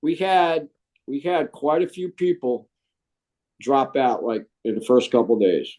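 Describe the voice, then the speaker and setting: This American Marine veteran tells his story during a casual interview, animated and easygoing, peppering his talk with "man" and restarting often. He speaks at a measured pace with a medium pitch, on a low-quality recording.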